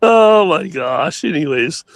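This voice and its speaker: A man's voice: fairly high pitch, animated, slow, no echo. A man telling stories in casual chat on a show, rambling with many restarts and laughs.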